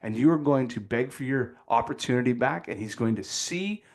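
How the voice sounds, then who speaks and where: A man's voice: mid-range voice, animated, brisk, darkish tone, close to an everyday voice. A man quoting a pushy young roommate. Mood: rousing. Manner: pushy, rousing. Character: blunt young male roommate giving advice.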